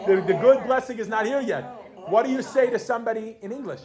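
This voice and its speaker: A pregnant woman teaching Yiddish to a class, animated and casual, quizzing her students with frequent questions. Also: mid-range voice, fast, a crowd in the background. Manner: casual, with fillers and restarts. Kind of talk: classroom language lesson.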